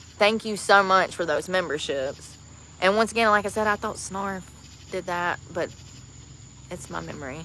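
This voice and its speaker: A woman's voice: fairly low pitch, moderate pace, a bit bright, slight background noise. A woman livestreaming outdoors on the street, chatting casually and rambling to her viewers.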